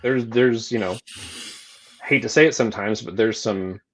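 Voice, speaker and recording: A man's voice: fairly low pitch, moderate pace, fairly bright tone. A man talking through a video call as a guest, thoughtful and modest, with many fillers. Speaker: guest toy sculptor. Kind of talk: casual chat.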